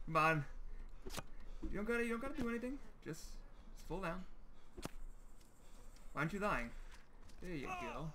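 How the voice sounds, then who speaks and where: A man playing a survival game online, taunting and chasing other players while commenting in gleeful, shouted bursts. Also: sits high, sing-song, normal speed, pauses often, a little hiss or hum. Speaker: gameplay video creator. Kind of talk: trolling gameplay commentary.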